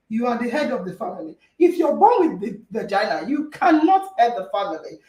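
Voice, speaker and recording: Female podcast host, very high and lively voice, insistent and argumentative, distant mic with a roomy echo. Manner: emphatic, argumentative, repeats phrases for stress. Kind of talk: heated debate moderation. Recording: echoey room, distant mic.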